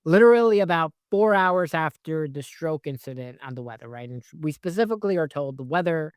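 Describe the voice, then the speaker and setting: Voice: mid-range voice, lively intonation, fairly quick, clear, resonant tone, no room sound, studio quality. A movie reviewer giving a casual spoiler review, rambling and swearing, full of "like" and "whatever" asides. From based in New York.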